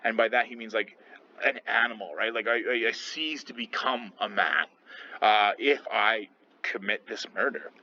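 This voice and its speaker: A man's voice: on the low side, steady tone, normal speed, bright, forceful tone. Guy teacher walking thru a play, chatty, keeps going "right?", kinda muffled recording w/ faint hiss. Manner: chatty, checks in with "okay?" and "right?". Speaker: English teacher. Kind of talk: casual explanatory lesson. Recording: slightly muffled with faint noise.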